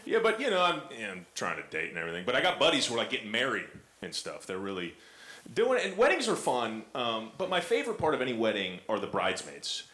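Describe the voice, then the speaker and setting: A man's voice: mid-range voice, huge pitch swings, quick pace, bright, forceful tone. A young man doing a stand-up comedy set, rambling and self-mocking with lots of fillers. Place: comedy club stage with audience. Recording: echoey club, audience noise.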